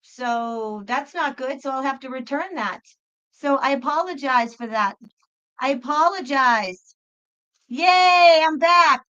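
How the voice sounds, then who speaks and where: A woman hosting a live tarot stream from home, talking casually into a computer mic. Her voice sits a little high, and the sound is dull and muffled. She chats freely, apologizing often and repeating herself with plenty of fillers. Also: lively intonation, slow pace, a bit bright. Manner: chatty and apologetic, with frequent fillers and self-repeats. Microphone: computer microphone.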